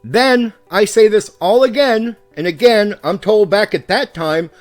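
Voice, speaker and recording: A man with a fairly high voice rants hard at the camera, swearing freely as a longtime game master. He swings between raised and calm speech to drive his points home. Soft music plays faintly underneath. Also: measured pace. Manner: heated and profane, pushing his points hard. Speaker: YouTube host and game master. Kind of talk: ranting commentary to the camera.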